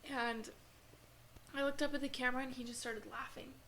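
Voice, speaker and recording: A woman recounting a painful personal experience in an earnest, halting way, with many fillers. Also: high-pitched, fairly even intonation, a bit bright. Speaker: podcast guest. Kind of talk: emotional personal storytelling.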